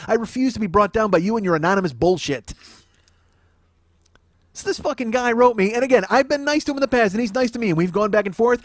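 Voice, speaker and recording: A man's voice: high-pitched, dry recording. A man in his forties hosting a solo comedy podcast, ranting in a profane, self-mocking, mock-indignant way.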